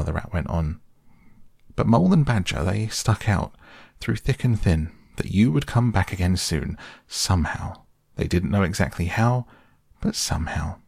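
Male narrator, low and gravelly, gentle bedtime reading, dry close mic. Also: dry recording. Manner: calm, gentle. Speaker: audiobook narrator. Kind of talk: soft bedtime story reading.

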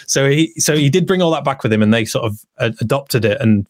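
A man's voice: mid-range voice, lively intonation, fast, dry recording. A man co-hosting a casual football podcast, chatting and reading out listener comments. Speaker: podcast co-host.

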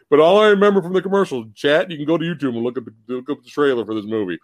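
Male live-stream host, expressive swinging pitch, loose and profane, plenty of laughter. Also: fast talker, no echo. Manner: animated, laughs often, swears casually. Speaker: podcast host. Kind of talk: casual live-stream movie chat.

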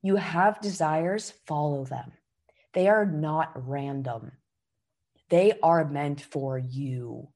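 Woman, podcast host, husky, fairly low voice, motivational talk, emphatic, direct. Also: takes it slowly, darkish tone. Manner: emphatic, coaching, swearing freely. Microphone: podcast microphone.

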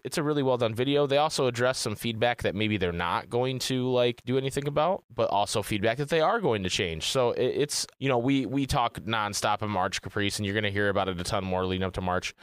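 A man's voice: on the low side, clear, resonant tone, dry recording, studio quality. A man co-hosting a gaming podcast in casual chat, rambling and swearing freely. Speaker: podcast co-host.

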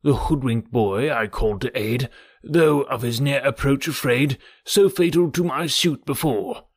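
A man voicing a fretful elderly gentleman who fusses and sighs over his family, in an audiobook reading. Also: mid-range voice, a little slow, slightly rough, dry recording, studio quality. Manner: sighing, fussy, anxious.

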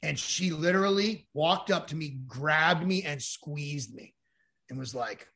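A man's voice: fairly high pitch, a little slow, vocal fry, bright, forceful tone. A man as a podcast guest, telling a candid personal story in a rambling, frank way, swearing now and then and acting out what others said. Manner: rambling, frank, swears, acts out quoted dialogue.

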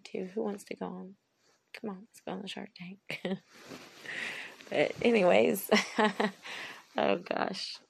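A woman's voice: mid-range voice, gravelly, breathy edge. A woman in her late thirties talking emotionally and at length, drained and tired, rambling and restarting her thoughts, near tears at times. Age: 30s. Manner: rambling, heartfelt, trails off and restarts. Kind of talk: emotional personal monologue.

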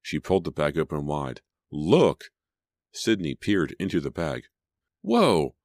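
Man, audiobook narrator, very deep voice, measured storytelling, dry close recording. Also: darkish tone, no echo. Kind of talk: scripted narration.

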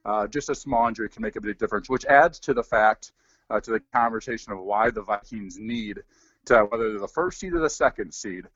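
A man in his forties, a former pro football player, talking through sports in a relaxed, rambling way with many fillers. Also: fairly low pitch, brisk, dry recording, highs cut off. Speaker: former NFL player, guest analyst. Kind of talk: casual sports talk.

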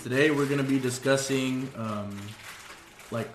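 A man's voice: medium pitch, a little fast, a bit bright. Joking young man hosting, echoey. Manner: joking, slangy, laughs often. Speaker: podcast host. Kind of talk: casual podcast banter. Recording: echoey room, faint noise.

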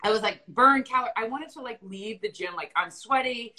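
Woman on a podcast w a bright sharp voice, upbeat, laughs a lot. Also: a little high, fairly quick. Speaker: podcast co-host. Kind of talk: casual chat.

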